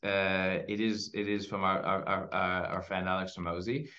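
A man speaking as a podcast guest who tells stories in an animated way, with plenty of fillers and restarts. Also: low-pitched, moderate pace, lo-fi sound. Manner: animated storyteller, lots of fillers. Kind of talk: casual interview storytelling.

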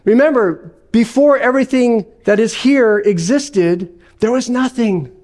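A male pastor preaching a sermon, telling a story in a measured way. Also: very high-pitched, a little mellow.

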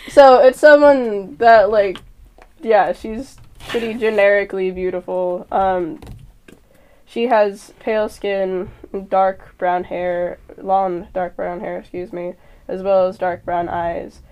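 Slow, hesitant woman player. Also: medium pitch, fairly even intonation, a little mellow, clear, resonant tone. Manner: hesitant, trailing off, lots of "um". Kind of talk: describing her character in a tabletop game.

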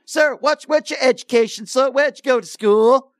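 A radio host putting on a mocking voice to badger a caller, repeating taunts. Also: male voice, extremely high pitch, normal speed, dry recording, studio quality, pitched above the performer's own voice. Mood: taunting.

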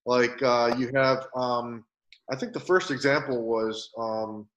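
A man's voice: medium pitch, steady tone, takes it slowly, a bit bright, muffled recording. A man speaking as a guest in a casual chat, rambling and full of filler words. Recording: roomy echo.

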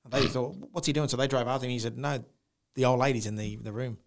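A man's voice: medium pitch, fast talker. A man telling a personal ghost story in casual chat, acting out the sounds he heard. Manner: animated storyteller, mimics the noise with rising howls. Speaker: podcast co-host.

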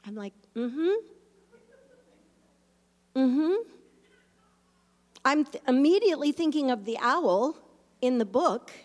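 A woman pastor telling a story in a sermon, animated at times and hushed and reflective at others. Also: high-pitched, moderate pace, in a large hall.

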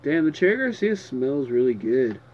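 A young man chats in a lively, slangy way. His voice sits fairly high and moves around a lot. The recording sounds a bit dull. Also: normal speed. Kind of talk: casual chat.

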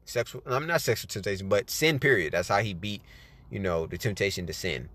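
Low-voiced man in rambling faith chat. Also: brisk, fairly bright tone. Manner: rambling, repeats "you know what I'm saying". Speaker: podcast host. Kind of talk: casual faith talk, reading tips.

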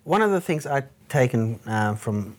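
A man hosting a relaxed interview, speaking at a medium pitch. He is chatty and agreeable, filling his talk with ums and you-knows as he asks his questions. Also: unhurried. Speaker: podcast host. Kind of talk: casual conversational interview.

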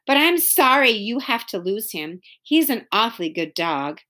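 A woman reading aloud, voicing a young boy who is anxious about keeping his dog and calls him in high, pleading shouts. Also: very animated, normal speed. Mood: relieved.

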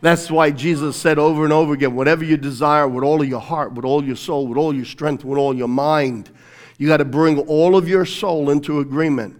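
Male pastor, sermon, high-pitched, smooth resonant voice, emphatic, repeat-after-me phrasing. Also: steady tone, fairly quick. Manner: fervent, emphatic preaching, swinging between loud declarations and quieter teaching; leads the congregation in call-and-repeat phrases.

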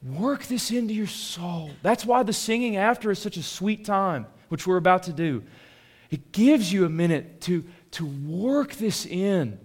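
A young adult man, a pastor preaching a conversational sermon that drops soft and swells loud. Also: high-pitched, animated, measured pace.

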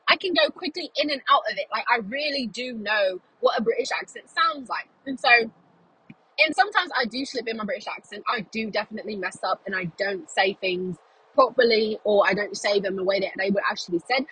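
Woman vlogger, talks in her car while driving, bright tense tone, breathy husky texture, chatty and animated. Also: a little high, brisk, poor audio. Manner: chatty and animated, with many "like"s and quoted reactions. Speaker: vlogger reviewing a film. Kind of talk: casual chatty review.

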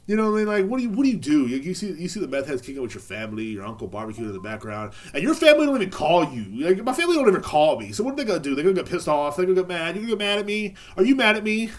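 Man, solo podcast host, profane and sarcastic, voice swings high and low. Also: sing-song, racing, few pauses, darkish tone. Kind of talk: casual solo podcast rant.

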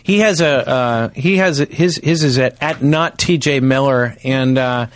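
A man's voice: mid-range voice, a little slow. A man co-hosting a comedy podcast, chatting casually and rambling through many fillers and restarts. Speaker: podcast co-host.

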